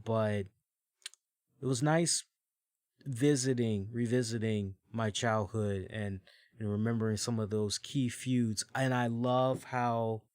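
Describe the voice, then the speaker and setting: A man in his forties hosting a podcast, telling stories in casual, animated commentary, with swearing and frequent fillers. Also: medium pitch, no room sound, studio quality. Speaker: podcast host. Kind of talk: casual wrestling review commentary.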